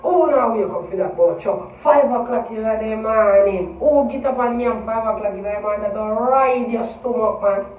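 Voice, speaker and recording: A man with a Jamaican accent, talking to his vlog audience in a loose, animated way, swearing often and repeating himself. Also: high-pitched, normal speed, few pauses, slight background noise. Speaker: vlogger. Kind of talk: casual vlog monologue. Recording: echoey, far from mic, tinny phone-like sound.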